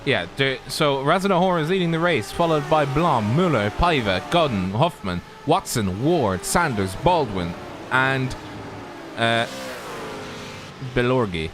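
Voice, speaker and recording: A man's voice: medium pitch, animated, measured pace, noisy background. A man co-commentating a sim race live, chatty and joking. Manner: chatty, laughs, loose and joking.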